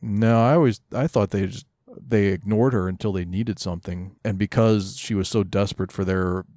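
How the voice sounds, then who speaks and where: A man's voice: fairly low pitch, fairly even intonation, normal speed, mellow, no room sound, studio quality. A man co-hosting a podcast, talking casually about comics in a blunt, cynical, profane way. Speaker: podcast co-host. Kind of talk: casual comic-book review chat.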